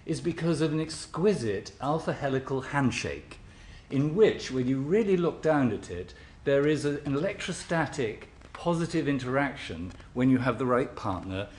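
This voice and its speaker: A scientist giving an academic lecture in a stop-start way, often repeating words, with dry wit. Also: male voice, medium pitch, expressive, moderate pace, darkish tone. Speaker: scientist giving a symposium talk. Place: lecture hall. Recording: echoey lecture hall.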